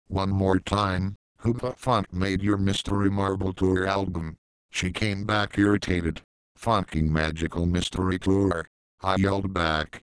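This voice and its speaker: A man narrates a first-person story in a very low, monotone voice. His tone is smooth and clear, and the recording is close and dry with no room sound. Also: dry recording, rough recording. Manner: flat, low-key delivery, voicing both sides of the dialogue without much change.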